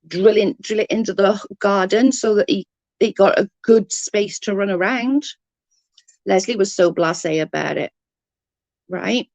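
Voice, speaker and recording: A woman's voice: mid-range voice, darkish tone, no room sound. A woman on a casual livestream, ranting in exasperation, swearing freely and answering chat comments. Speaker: live streamer reading chat comments.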